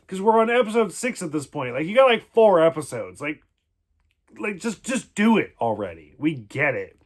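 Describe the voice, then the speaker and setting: A man's voice: a little high, sing-song, moderate pace. A man giving a casual spoken review of a TV episode, rambling, swearing freely and filling his talk with "like". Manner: rambling, profane, many "like" fillers.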